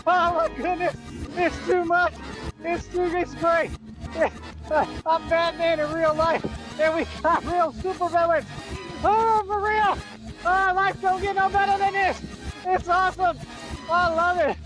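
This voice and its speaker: Laughing, boastful man over loud music. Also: very high voice, steady tone, measured pace, low-quality recording. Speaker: self-styled real-life superhero. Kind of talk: livestream rant.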